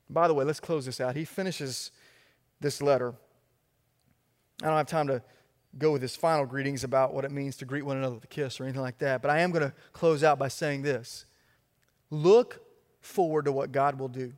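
A man's voice: medium pitch, fairly even intonation, fairly quick, darkish tone, big-room sound. A man preaching a sermon as pastor, emphatic, with a repetitive cadence.

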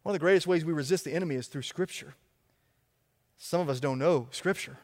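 A man's voice: on the high side, a little fast, big-room sound. A man preaching a sermon as pastor, emphatic, with a repetitive cadence.

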